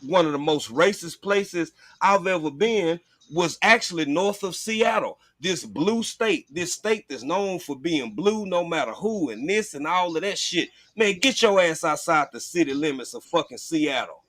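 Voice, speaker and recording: A man hosts a casual chat in a slightly high voice. He talks bluntly and profanely. The sound is dry and close, with no room in it. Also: lively intonation, moderate pace, fairly bright tone, no room sound. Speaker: host.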